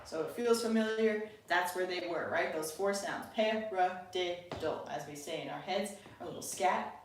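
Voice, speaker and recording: A woman's voice: lowish voice, heavy background noise. A woman teaching an online tap dance class from home, chatty, counting beats aloud and often checking in with her students. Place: home room by a window, birds outside. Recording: echoey room, distant mic, loud tapping. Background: tap sounds and birdsong.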